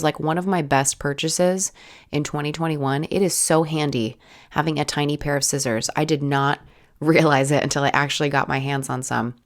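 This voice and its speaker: Low raspy-voiced woman with a head cold. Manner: rambling, casual, many "like"s and restarts. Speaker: art channel host. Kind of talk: chatty voiceover over art footage.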